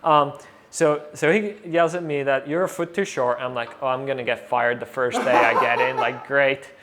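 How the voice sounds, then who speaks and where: A man as an interview guest, telling a story casually, animated and full of fillers, acting out what others said. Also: medium pitch, normal speed. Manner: animated, acts out quoted voices, many fillers.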